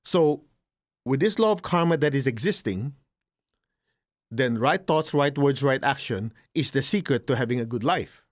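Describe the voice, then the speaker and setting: A man's voice: mid-range voice, expressive, moderate pace, dry recording, studio quality. A middle-aged man giving an informal spiritual lesson, talking directly and acting out complaining students. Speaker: spiritual teacher.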